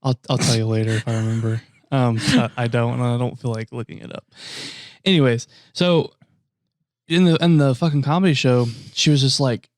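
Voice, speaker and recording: A man's voice: mid-range voice, steady tone, fairly quick, no echo, clean studio sound. A man co-hosting a podcast, chatting casually, swearing a lot and mimicking the people in his stories. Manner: profane, exasperated, mimics people. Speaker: podcast co-host. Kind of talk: casual chat.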